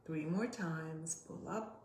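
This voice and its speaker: A woman guides listeners through a slow body exercise, her voice sitting fairly low as she gives soft, measured instructions. She sighs audibly between the cues. The sound carries a roomy echo. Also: a little hiss or hum. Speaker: somatic coach.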